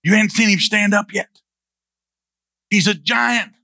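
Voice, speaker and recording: Jumpy older brothers snapping at their kid brother in disbelief, put on by a preacher. The voice is raised and sharp, and they talk fast and scold. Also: male voice, high voice, vocal fry, dry recording, clean studio sound, voice pushed up, full character voice. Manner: scolding, incredulous. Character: alarmed older brothers of the shepherd boy.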